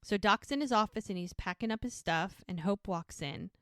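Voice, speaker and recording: Woman podcast co-host, casual and emotional storyteller; smooth clear voice, dry booth. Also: mid-range voice, moderate pace, dry recording. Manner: chatty storyteller, emotional, many fillers. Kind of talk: casual chat recapping a TV episode.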